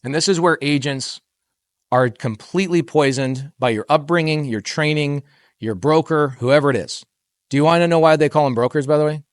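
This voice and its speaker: A man's voice: a little high, normal speed, no echo, studio quality. A middle-aged man giving a motivational talk at a real estate summit, telling stories with acted-out dialogue and asking the audience questions. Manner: animated storyteller, acting out quoted dialogue, quizzing the crowd.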